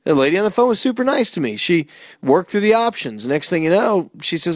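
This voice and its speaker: A middle-aged man hosting a motivational talk, energetic and storytelling, with emphatic rhetorical questions. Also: high voice, brisk, no echo, studio quality. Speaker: motivational speaker and host.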